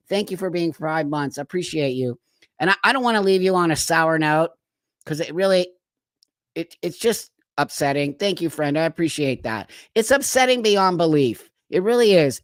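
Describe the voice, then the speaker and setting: In heated live-stream commentary, an older male host vents with blunt anger, profanity, and sarcastic mock quotes. His voice is high-pitched and fairly bright, with no room sound.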